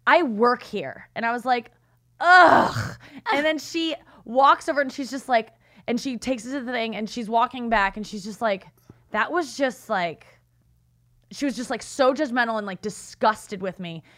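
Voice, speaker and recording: This podcast co-host talks at normal speed in a voice on the high side. She shares a story casually and with animation, imitating the people she describes.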